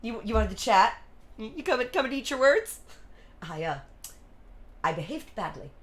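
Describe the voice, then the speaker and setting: A woman's voice: a little high, very animated, moderate pace, pitched below the performer's own voice. A woman doing a stiff, formal sea captain. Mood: contrite. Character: stern aristocratic widowed naval captain, man. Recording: music playing under the voice.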